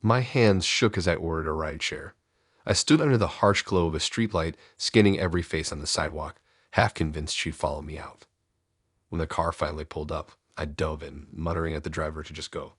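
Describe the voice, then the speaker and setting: A man narrating a first-person horror story in a low, measured, ominous storytelling voice. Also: slightly rough, dry recording, studio quality.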